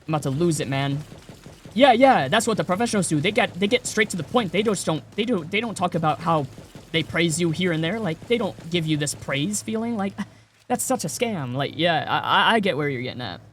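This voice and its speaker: A man's voice: a little high, lively intonation, fairly quick, a bit bright, slight background noise. A man streaming and chatting casually with viewers, rambling with many repeated words and fillers. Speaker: game streamer.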